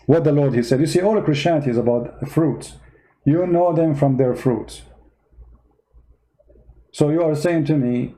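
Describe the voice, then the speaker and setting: A man's voice: a little high, moderate pace, pauses often, mellow, low-quality recording. A man with non-native English giving online commentary, arguing his point with rhetorical questions. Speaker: Christian commentator.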